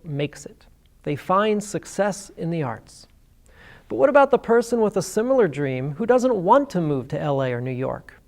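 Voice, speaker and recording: A man narrating a documentary and interviewing, measured and reflective, posing rhetorical questions. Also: high voice, darkish tone.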